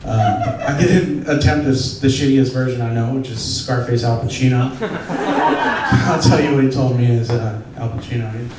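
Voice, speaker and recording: A man's voice: medium pitch, lively intonation, moderate pace, heavy background noise. A young man doing a crude, self-deprecating, conversational stand-up set on a comedy club stage. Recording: echoey club, distant mic, audience laughter.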